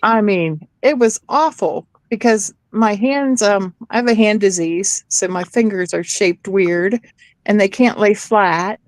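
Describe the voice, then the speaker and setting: A middle-aged woman chats casually and tells animated stories, acting out each voice she quotes. Her pitch sits in an ordinary middle range. The recording is dry and close. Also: unhurried, no room sound. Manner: animated storyteller, acts out quotes. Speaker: chat participant. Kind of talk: casual chat.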